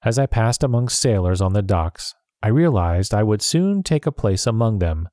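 A man narrating a story in a measured, steady reading. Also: lowish voice, dry recording, studio quality.

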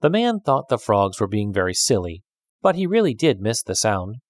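A man reading a children's fable aloud, with an expressive storytelling delivery. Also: on the low side, moderate pace, dry recording, clean studio sound.

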